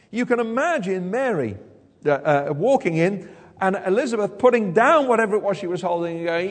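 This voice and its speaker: A man preaching an expository sermon in a church hall, animated and acting out quoted lines with big jumps in pitch. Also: normal speed. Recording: long hall reverb.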